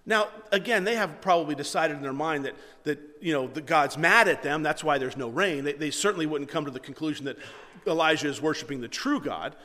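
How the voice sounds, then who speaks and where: A man preaching a sermon, reading scripture and swinging between quiet reading and loud, mocking asides. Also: on the high side, a little fast, hardly any pauses, big-room sound. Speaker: pastor.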